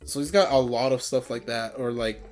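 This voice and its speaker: A man co-hosting a laid-back podcast, talking at an everyday middle pitch. He rambles along in casual chat, stacking up fillers and restarts as he explains things. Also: brisk, a little mellow, soft background music. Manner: rambling, chatty, full of fillers. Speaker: podcast co-host.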